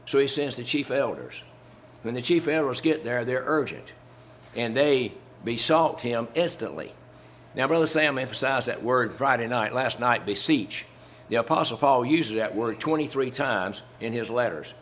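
Male preacher, mid-pitched, folksy and conversational, light chuckles, faint hum behind. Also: expressive, normal speed, fairly bright tone. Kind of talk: sermon.

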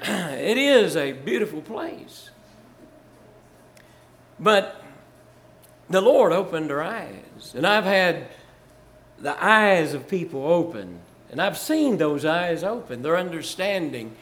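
A man's voice: fairly high pitch, sing-song, slow pace, a bit bright. An older man from Virginia, a pastor telling church stories in a folksy way, chuckling and rising to fervor. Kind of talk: storytelling testimony.

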